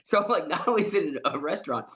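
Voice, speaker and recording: A man's voice: on the high side, expressive, quick pace, a bit bright. A man with a cold, a guest actor telling a story in casual chat, laughing often and acting out the quotes. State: has a cold.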